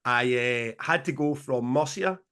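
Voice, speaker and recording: A man's voice: medium pitch, a little slow. Man telling a swear-laden story. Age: 40s. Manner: swears freely, animated storytelling with laughs. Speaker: podcast co-host. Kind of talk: casual chat.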